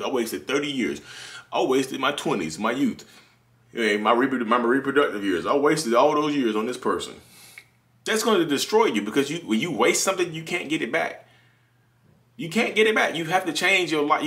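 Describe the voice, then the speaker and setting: A man's voice: mid-range voice, bright, forceful tone. A man hosting a casual motivational monologue, emphatic and repeating phrases to his listeners. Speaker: podcast host.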